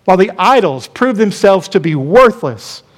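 A man's voice: high voice, big pitch swings, normal speed. A male pastor preaching a sermon, stressing points by repeating phrases and calling the congregation to respond.

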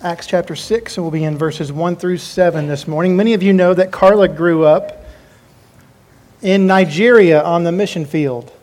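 A man's voice: sits high, normal speed, darkish tone. A man preaching a sermon as pastor, folksy and joking as he talks to his congregation.

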